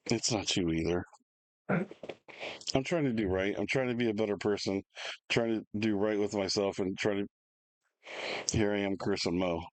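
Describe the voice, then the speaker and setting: Man, low voice, rambling animated storyteller, dry close sound. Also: measured pace, long pauses, dry recording, low-quality recording. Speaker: podcast co-host. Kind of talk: casual storytelling chat.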